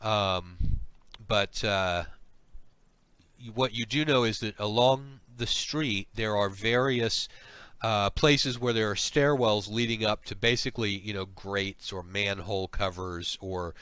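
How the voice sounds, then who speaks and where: Halting male game master, dry sound. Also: lowish voice, a bit bright, clear, resonant tone, dry recording. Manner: halting, full of ums and restarts. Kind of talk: narrating a tabletop game.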